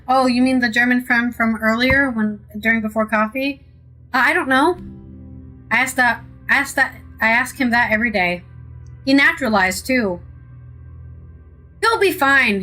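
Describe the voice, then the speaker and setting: A woman's voice: fairly high pitch, normal speed, pushed and bright, faint music behind, rough recording. An American woman streaming a game, chatting casually and rambling with sarcastic asides. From United States. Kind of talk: casual live-stream chat while playing.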